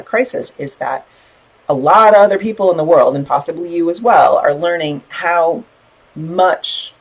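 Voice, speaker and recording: Gravelly, husky woman host chatting casually. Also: low voice, rough recording. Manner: encouraging, chatty, reads out viewer comments. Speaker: podcast host leading a book club. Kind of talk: casual live-stream talk to a group.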